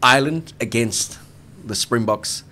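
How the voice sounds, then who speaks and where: A man co-hosting a rugby podcast in casual sports chat, emphatic and quick to laugh. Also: mid-range voice, bright, forceful tone.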